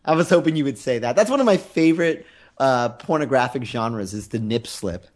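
A man co-hosting a comedy podcast in casual chat, playful and animated, slipping into mock announcements. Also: mid-range voice, brisk. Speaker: podcast co-host.

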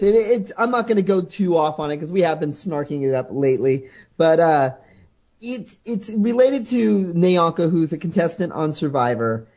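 A man co-hosting a podcast in casual chat, wry and halting, with frequent restarts as he searches for words. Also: fairly high pitch, a little mellow. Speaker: podcast co-host.

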